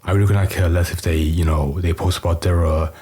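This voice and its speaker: British male co-host, deep and dark, hoarse and husky, blunt and casual. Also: fairly even intonation, fairly quick. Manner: blunt, casual, filler-heavy. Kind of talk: reaction commentary.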